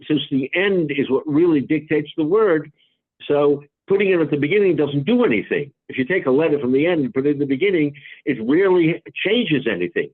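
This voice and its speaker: Male rabbi leading a Talmud class, patient and halting, slightly high, tinny audio. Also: slightly rough. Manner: halting, repeats words, explains patiently.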